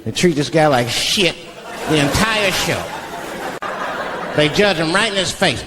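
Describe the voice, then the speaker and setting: A man's voice: on the high side, lively intonation, unhurried, long pauses, background noise. A man doing stand-up comedy, telling loose, profane stories and jumping in and out of voices. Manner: loose, profane storytelling that jumps into character voices. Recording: live club with loud audience laughter.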